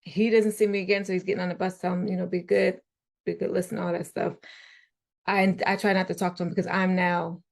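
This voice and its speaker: Gravelly-voiced woman, chatty mom. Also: lowish voice, fast. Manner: chatty, animated storytelling. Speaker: guest parent. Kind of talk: casual podcast interview.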